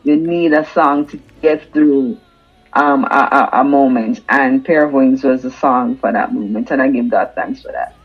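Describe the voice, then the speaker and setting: A woman's voice: rumbling low, moderate pace, husky, muffled recording. A Jamaican woman, a singer-songwriter, talking earnestly and emphatically in a casual interview, often repeating words as she builds a point.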